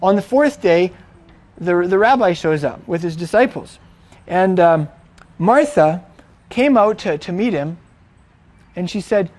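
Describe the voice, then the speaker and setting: High-voiced man telling a story casually. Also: animated, a little slow, pauses often, darkish tone. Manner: chatty, informal, frequent restarts and fillers.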